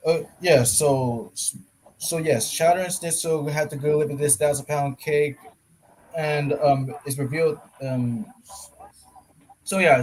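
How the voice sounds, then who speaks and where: Animated rambling man, higher voice. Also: a little hiss or hum, poor audio. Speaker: co-host. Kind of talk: casual chat.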